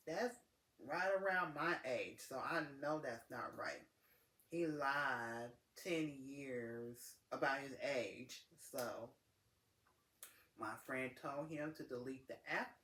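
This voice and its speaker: A man's voice: mid-range voice, animated, takes it slowly, a bit bright, slight background noise. Exasperated young man ranting in an echoey room. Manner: exasperated, repetitive, emphatic. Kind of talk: casual storytime rant.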